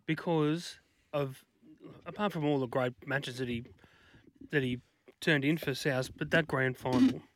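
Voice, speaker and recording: A man's voice: on the high side, unhurried. An Australian man on a sports podcast, trading dry jokes and firm opinions. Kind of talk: casual sports chat.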